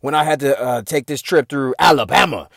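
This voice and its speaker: A man's voice: mid-range voice, a little fast, gravelly, fairly bright tone, dry recording, studio quality. A young man from the hosting his own show, telling a profane, laughing story in a casual monologue. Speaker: podcast host.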